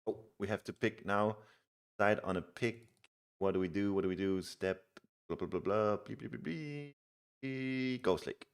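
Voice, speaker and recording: Low-voiced man streaming a strategy game. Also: fairly even intonation, moderate pace, smooth. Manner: chatty, reads chat aloud, laughs easily. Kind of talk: casual live game commentary.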